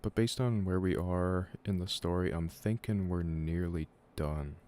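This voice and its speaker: Deep-voiced man streaming a game. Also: unhurried. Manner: relaxed chatter, reads game dialogue aloud. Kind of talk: casual live-streamed game playthrough.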